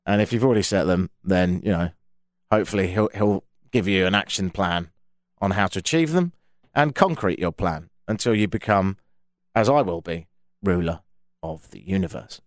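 A man's voice: deep voice, moderate pace, dry recording. An English man hosting a radio talk show from a studio, with dry, self-mocking banter. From England. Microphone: studio microphone.

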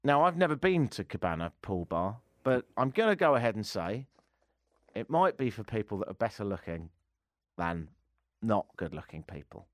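A man's voice: fairly low pitch, big pitch swings, normal speed, no echo. Sarcastic english radio guy, self-deprecating, voice jumps up and down a lot, dry studio sound. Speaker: radio host. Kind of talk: casual talk radio banter.

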